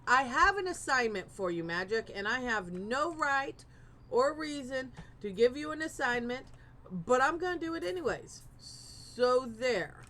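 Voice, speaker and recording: A woman's voice: high voice, very animated, measured pace, bright, forceful tone. A woman streamer in her thirties, chatting casually and encouragingly with her viewers while gaming, a bit rambling.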